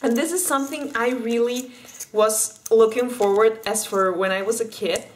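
A woman's voice: a little high, moderate pace, rough recording. Chatty woman tasting candy on camera. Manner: chatty, eating while talking, restarts words. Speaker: vlogger. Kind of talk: casual candy taste-test vlog.

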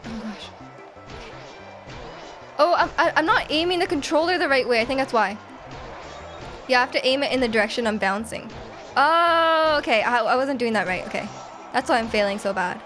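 A high-pitched woman streams a game live, cheering and laughing as she plays and reads out chat messages. Faint game music plays behind her voice. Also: moderate pace, long pauses. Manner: excitable, reads chat aloud, laughs often.

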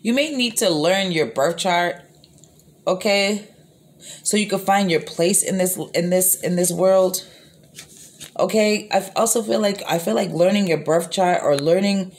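A woman's voice: mid-range voice, unhurried. A woman giving a casual tarot reading into her phone, rambling and repeating herself with lots of fillers, blunt and sometimes profane. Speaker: tarot reader.

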